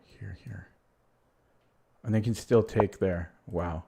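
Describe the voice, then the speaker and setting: A man with a deep, gravelly voice streams live chess, speaking slowly with fairly even intonation over some background noise. He thinks aloud as he plays online, muttering moves half to himself in a casual, rambling, self-deprecating way full of asides.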